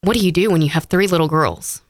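A woman's voice: low voice, fast, slight background noise. A woman, an interview guest sharing a personal story in heartfelt detail, with frequent fillers.

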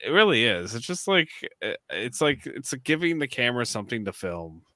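A man's voice: mid-range voice, big pitch swings, brisk, pushed and bright, no echo. A man co-hosting a podcast, giving rambling, opinionated takes in casual chat. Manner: opinionated, rambling with many fillers. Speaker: podcast co-host.

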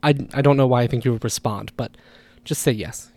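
A man's voice: medium pitch, a little fast, a little mellow. A man hosting a language podcast, talking casually and explaining ideas through spoken examples, often correcting himself as he goes.

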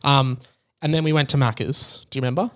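A man's voice: medium pitch, fairly even intonation, fast talker. A man hosting a podcast, chatting casually about a trip and rambling through his stories with lots of fillers. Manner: rambling, filler-heavy storytelling. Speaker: podcast host. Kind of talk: casual travel recap chat.

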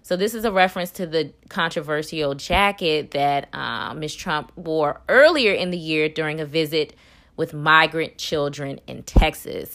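A young woman hosts a commentary show with a blunt, sassy edge. She scolds and teases in a slightly low voice. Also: moderate pace, fairly bright tone. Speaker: host. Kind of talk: opinionated commentary.

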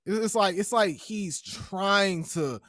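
A man co-hosting a casual podcast, animated and jokey, breaking into mock voices. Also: high voice, slow pace, dry recording, clean studio sound. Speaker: podcast co-host. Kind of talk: casual chat. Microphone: desk mic.

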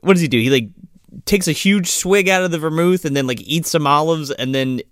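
A man's voice: on the high side, dry recording, studio quality. A man co-hosting a casual podcast, cracking sarcastic jokes about a movie. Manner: jokey, quick with sarcastic asides. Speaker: podcast co-host. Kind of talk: casual movie-recap chat.

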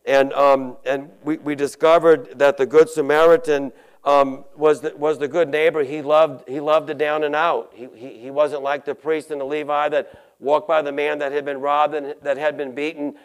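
Earnest pastor with a smooth voice. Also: male voice, on the high side, little pitch movement. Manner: earnest, halting with frequent restarts. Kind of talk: sermon.

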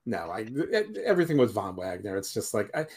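A man's voice: lowish voice, very animated, a little fast, darkish tone, slightly rough. A man co-hosting a podcast in casual chat, opinionated and rambling, often trailing off. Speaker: podcast co-host.

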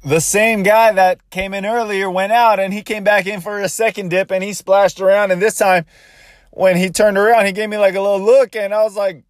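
A man's voice: sits high, level tone, moderate pace. A man tells a casual first-person story in a slightly raised voice, rambling along and often restarting his sentences. He drops in his own inner thoughts as he goes. The sound is dry, with no room echo.

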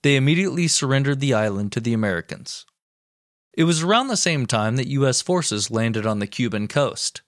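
A man co-hosting a podcast, reading a history story aloud with wry, deadpan asides. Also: medium pitch, fairly quick, no echo, clean studio sound. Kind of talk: reading history narration with jokes.

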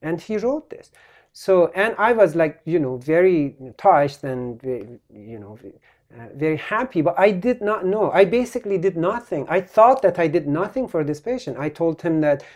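A male physician telling a story as a podcast guest, halting and full of restarts. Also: a little high, sing-song, darkish tone. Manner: halting, with many restarts and trailing phrases.

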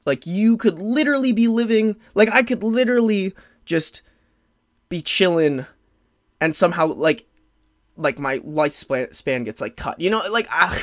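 Young male solo podcaster in his twenties, slightly high voice, rambling and emotional, dry close mic. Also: normal speed, no echo. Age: 20s. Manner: rambling, heavy use of "like" fillers, frequent restarts; emotional, openly close to tears at times. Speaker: podcast host. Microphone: podcast microphone.

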